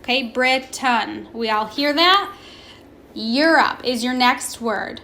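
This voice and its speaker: In this recorded remote lesson, a woman teacher with a bright, high-pitched voice talks slowly and deliberately, drawing out words to demonstrate pronunciation. She poses questions and waits for students to answer. There's a little hiss or hum in the audio.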